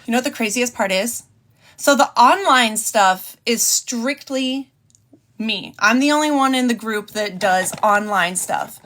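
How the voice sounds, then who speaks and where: Young woman on her podcast, kinda high voice, swears a lot, spilling the whole story. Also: unhurried, fairly bright tone. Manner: blunt and profane, emotional. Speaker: podcast host telling a personal story. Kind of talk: candid storytime monologue.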